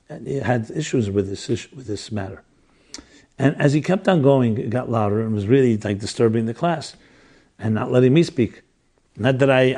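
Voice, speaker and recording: In a storytelling lecture, a rabbi who teaches classes, now in his sixties, recounts something from his own life. He is earnest and reflective, frequently starting sentences over, and his voice is mellow and mid-range.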